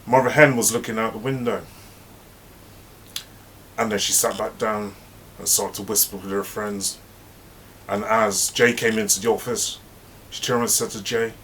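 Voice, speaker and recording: A man's voice: on the low side, fairly even intonation, normal speed, long pauses, a bit bright, a little hiss or hum. A man hosting his own channel, telling a story in a chatty, anecdotal way with emphatic asides. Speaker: host. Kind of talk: casual storytelling monologue.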